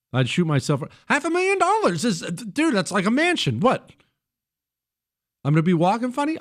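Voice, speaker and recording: Brief: man, talk radio host, animated and swinging in pitch, teasing banter and wry headline commentary. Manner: joking, teasing an off-mic producer, riffing on headlines.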